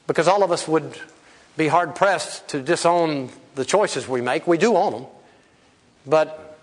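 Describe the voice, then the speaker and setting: A man's voice: a little high, long reverb tail. A man giving a keynote speech as a motivational speaker, quizzing the audience with rhetorical questions.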